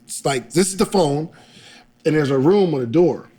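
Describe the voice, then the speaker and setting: A young man telling a story in a casual interview, animated and laughing often as he acts out what people said. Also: a little high, moderate pace, slightly rough. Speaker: podcaster guest.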